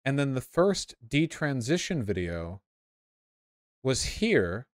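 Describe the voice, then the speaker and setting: A man giving casual, sarcastic commentary while reacting to video clips, with quick asides. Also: mid-range voice, very animated, no echo, clean studio sound.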